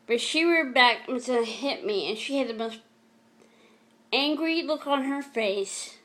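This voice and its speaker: A middle-aged woman speaks to her viewers in a fairly high voice, telling a painful story from her past. She talks in an emotional, halting way, often stopping to restart or repeat a phrase. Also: expressive, a bit bright. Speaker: vlogger. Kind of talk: personal storytelling vlog.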